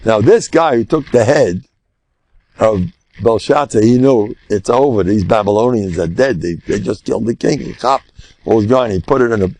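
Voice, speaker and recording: Older rabbi telling a lively story. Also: male voice, on the low side, normal speed. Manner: lively storyteller mixing Hebrew and Yiddish terms. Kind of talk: storytelling Torah lesson.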